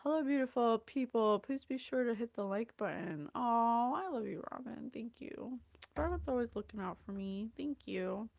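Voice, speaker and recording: A woman's voice: on the high side, lively intonation, normal speed, vocal fry, a little mellow, dry recording. A woman psychic host chatting through a casual livestream reading, effusive and gushing, greeting viewers by name. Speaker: psychic reader and show host. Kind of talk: casual livestream channeling talk.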